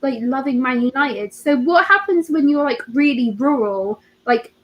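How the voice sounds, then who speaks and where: A woman's voice: sits high, lively intonation, moderate pace, lo-fi sound. A woman from Cornwall chatting casually on a video call, emphatic and full of fillers. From Cornwall, England. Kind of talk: casual chat.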